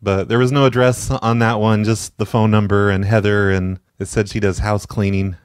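A man hosting a prank-call show, talking in a relaxed, chatty way between calls. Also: fairly low pitch, moderate pace, clear, resonant tone, dry recording, clean studio sound. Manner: relaxed, chatty, rambling asides. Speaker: host and prank caller. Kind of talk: casual podcast narration.

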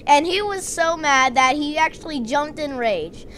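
A woman narrating a gameplay story with excitement, acting out her characters. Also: sits high, unhurried, slight background noise. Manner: excited storytelling, doing dramatic voices for the characters. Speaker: game narrator.

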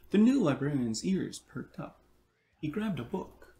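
A man reads a children's picture book aloud in a slow, unhurried way. His voice is dark and mellow, yet his phrasing is lively and playful. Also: a little high. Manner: unhurried and playful, with off-hand asides. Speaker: storyteller.

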